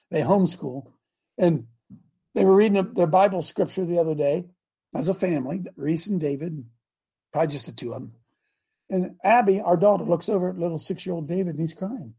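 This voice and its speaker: An older man preaches a fiery sermon as host of a live show, his voice high-pitched, gravelly, darkish, and slightly rough. He's emphatic and exclamatory, calling out to his audience to answer.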